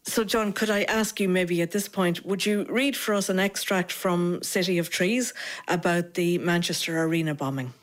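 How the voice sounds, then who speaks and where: Woman host, lowish voice, dry studio sound, measured narration. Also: steady tone, dry recording. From Ireland. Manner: measured, thoughtful. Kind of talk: interviewing and scripted narration.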